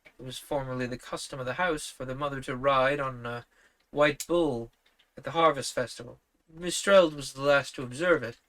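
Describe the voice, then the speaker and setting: A man voicing a courteous young man who explains things with calm, slightly superior politeness in a storybook reading. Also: mid-range voice, normal speed, lightly acted. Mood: politely explaining.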